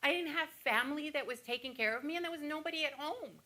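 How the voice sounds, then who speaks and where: A woman's voice: high voice, pushed and bright. A woman playing a teary, wry cancer patient. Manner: teary, halting, with wry humor. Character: wounded woman patient recalling cruel nurses. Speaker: stage actor playing a breast cancer patient. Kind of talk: theatrical monologue.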